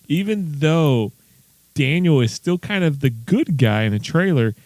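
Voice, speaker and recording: A man's voice: medium pitch, darkish tone, no echo. Rambling Kentucky man on a podcast. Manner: enthusiastic, rambling, acts out quotes. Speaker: podcast co-host. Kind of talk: casual podcast banter.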